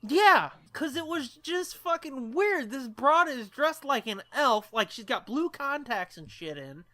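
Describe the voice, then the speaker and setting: A man's voice: very high-pitched, sing-song, a little slow, pushed and bright. A man co-hosting a podcast, telling a long, profane, rambling story in casual chat. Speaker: podcast co-host.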